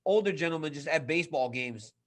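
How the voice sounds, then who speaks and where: A man with a fairly high-pitched voice, co-hosting a casual sports talk podcast. He talks with enthusiasm, often repeating his lines for emphasis. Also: lively intonation, fast talker. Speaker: podcast co-host.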